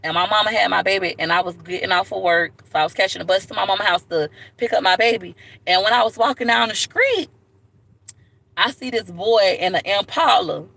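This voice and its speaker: A woman telling stories to camera in a blunt, animated way, often calling viewers "baby". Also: mid-range voice, a little fast, vocal fry. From Florida, USA. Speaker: vlogger. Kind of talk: casual storytelling to camera.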